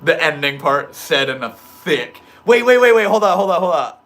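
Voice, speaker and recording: A man's voice: on the high side, sing-song, moderate pace, a bit bright. A man hosting a casual live stream, reading the chat aloud, joking around with slang and laughing often. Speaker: livestream host reading chat.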